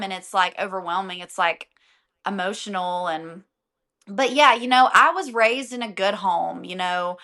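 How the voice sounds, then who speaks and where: A woman's voice: a little high, bright, forceful tone. A young adult woman, a singer and guest on an interview podcast, talking casually and animatedly, often laughing.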